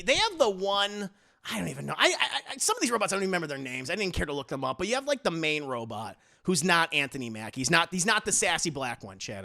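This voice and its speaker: A man giving a casual, profane movie review on a live stream, animated and slipping into mock voices for the characters. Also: a little high, vocal fry. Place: home streaming setup. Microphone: desk mic on a live stream.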